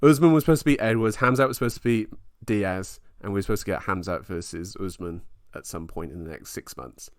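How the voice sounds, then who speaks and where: Man, young adult, podcast co-host, low voice, dry recording, animated rambling. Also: a little fast, hardly any pauses, no echo. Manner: excitable, rambling, animated retelling. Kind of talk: casual sports chat.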